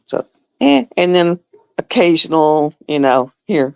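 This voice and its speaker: Chatty woman on a livestream, kinda gravelly fry in her voice, dry close sound, does little voices for people she quotes. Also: sits low, sing-song, measured pace, darkish tone, no echo. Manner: chatty storyteller, acts out quotes. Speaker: livestream host. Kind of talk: casual chat with viewers.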